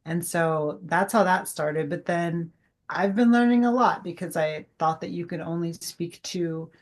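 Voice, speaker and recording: A middle-aged woman, a guest medium, telling an animated personal story in casual chat and acting out the dialogue. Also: lowish voice, a little slow. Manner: animated, heavy use of "like", acts out quoted dialogue.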